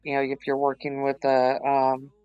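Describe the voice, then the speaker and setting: A woman's voice: very deep voice, completely flat delivery, normal speed, dark tone, smooth, no room sound, highs cut off, faint music behind. A tired woman, rambling chattily with lots of fillers as she talks through a craft project. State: tired, yawning. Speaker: craft vlogger. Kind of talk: casual voice-over while crafting.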